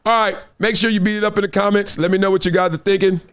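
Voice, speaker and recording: A middle-aged man with a Southern California accent, hosting a live show and telling a story in a lively way, acting out quotes and laughing often. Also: sits high, fast talker, clean tone. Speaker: host.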